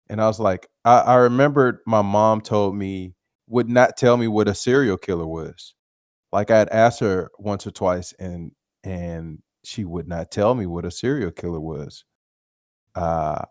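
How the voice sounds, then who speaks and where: A man's voice: low voice, a little mellow, no room sound, studio quality. A man hosting a podcast, telling casual stories alone, laughing often and swearing freely. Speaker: podcast host. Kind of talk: casual storytelling monologue.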